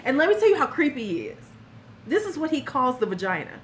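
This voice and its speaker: A woman's voice: high voice, big pitch swings, quick pace, slight background noise. A woman in her fifties hosting a live stream, telling a story in a frank, blunt way and talking to viewers by name.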